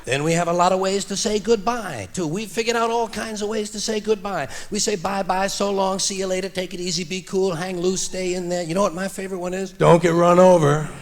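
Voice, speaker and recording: Wry stand-up comic in an echoing hall. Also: male voice, high-pitched, fairly quick, few pauses. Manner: wry, deadpan delivery building to loud punchlines. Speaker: stand-up comedian. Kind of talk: stand-up comedy routine. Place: theater stage before an audience. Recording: live vinyl recording with long hall reverb and audible audience.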